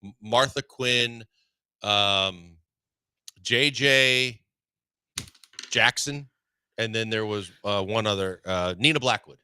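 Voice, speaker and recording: A man's voice: lowish voice, slow, pauses often, sharp tone, smooth. A man co-hosting a sports radio show, chatting in an easygoing, conversational way. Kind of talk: casual sports talk. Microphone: studio microphone.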